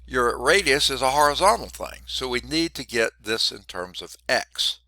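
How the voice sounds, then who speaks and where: A man teaching a math class while congested and short of breath, clearing his throat often and adding wry asides. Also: mid-range voice, very animated, moderate pace, pushed and bright, dry recording. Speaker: math instructor. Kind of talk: classroom lecture.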